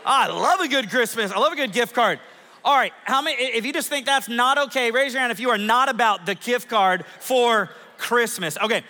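Man, 40s, pastor, lively self-mocking sermon, bright tone, long reverb of a large church. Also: very high-pitched, moderate pace. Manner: lively, self-mocking storytelling with audience polls.

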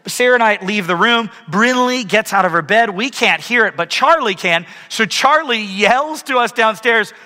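A man in his thirties gives a sermon in a large church auditorium, his high, bright voice ringing with a long hall reverb. He tells stories with animated energy and calls on the audience to raise their hands. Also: normal speed, few pauses. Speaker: pastor.

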